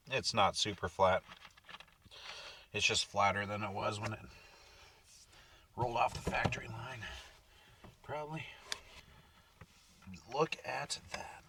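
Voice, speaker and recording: Laid-back low-voiced man, camping vlog. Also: bright, forceful tone, far from the mic, a little hiss or hum. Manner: laid-back, rambling, talks baby-talk to his dog. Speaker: camping vlogger. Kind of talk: casual vlog chat. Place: inside a truck camper at night.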